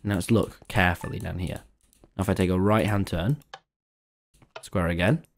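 A man streaming a game live, talking to viewers and ranting excitedly at the screen. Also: low-pitched, moderate pace. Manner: excitable, exasperated, swears and rants at the screen. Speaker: gaming streamer.

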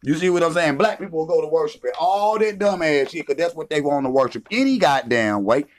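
A man's voice: a little high, lively intonation, brisk. Heated, profane man ranting on camera. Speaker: vlogger. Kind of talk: confrontational rant.

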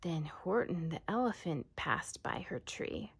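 A woman reading a children's storybook aloud in a soft, often whispered voice. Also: fairly low pitch, sing-song, measured pace, creaky, breathy edge.

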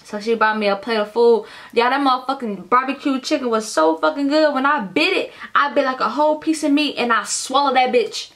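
A young adult woman tells a rowdy storytime vlog in a high, bright voice. She curses freely and keeps talking straight to her viewers as y'all. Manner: animated, profane storytelling, addresses viewers as y'all. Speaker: vlogger.

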